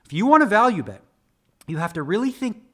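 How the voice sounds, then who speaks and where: A man's voice: high-pitched, fast talker, husky. A man breaking down his own poker hands in a conversational lesson, quizzing viewers with rhetorical questions. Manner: animated, conversational teaching. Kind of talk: spoken hand-analysis lesson.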